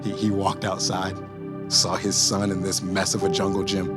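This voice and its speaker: A man's voice: sits low, monotone, moderate pace, loud music behind the voice. A young man preaching a sermon, telling a funny story with casual asides, then building to a rousing close.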